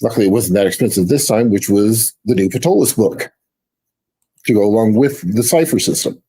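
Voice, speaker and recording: A man's voice: lowish voice, brisk, warm tone, breathy edge, poor audio. A man on a casual panel, talking hesitantly and repeating words as he finds his point.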